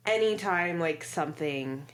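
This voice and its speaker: A woman's voice: deep voice, expressive, unhurried. A middle-aged woman co-hosting a podcast in casual, bubbly chat, laughing often. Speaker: podcast co-host.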